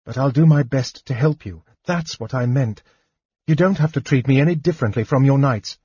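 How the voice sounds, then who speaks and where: A man's voice: mid-range voice, moderate pace, warm tone, husky, no echo, lo-fi sound, pitched above the performer's own voice, natural voice. Determined young woman warrior, as a man reads her. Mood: earnest.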